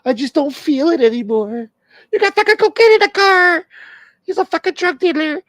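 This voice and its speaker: A man putting on a high falsetto voice for a demanding, shrieking female pop star. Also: animated, normal speed, fairly bright tone, no room sound. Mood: whiny.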